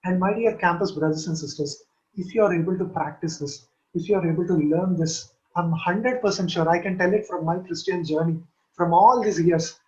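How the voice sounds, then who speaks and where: A man with a high voice teaches in an earnest sermon style. He urges his listeners on and comes back to the same phrases again and again. The sound is dull and lo-fi, like audio from an online call. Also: normal speed, a little mellow. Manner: earnest, repeats key phrases to exhort. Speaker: Christian teacher.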